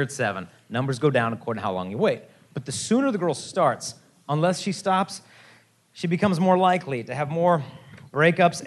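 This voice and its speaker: A man in his thirties speaking to a teen assembly, telling jokey stories and talking straight to the crowd. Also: fairly high pitch. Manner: lively, jokey, addresses the crowd directly. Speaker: youth chastity speaker. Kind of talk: animated storytelling talk to a teen assembly.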